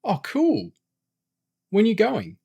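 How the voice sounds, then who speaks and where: A man reading a story aloud, voicing an eager teenage boy who gets loud when excited. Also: high-pitched, slow, creaky, slightly rough, voice pushed up, exaggerated voice. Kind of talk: audiobook character voice.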